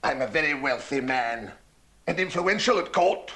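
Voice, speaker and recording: An actor playing a lecherous, wealthy lord who talks in a suggestive, oily way. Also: male voice, medium pitch, expressive, normal speed, sharp tone, slightly rough. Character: lecherous wealthy male lord, smooth-talking.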